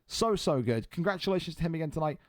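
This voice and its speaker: A man's voice: on the high side, expressive, fast, no echo. A man hosting and commentating an online fight league live stream, blunt and exasperated, swearing freely.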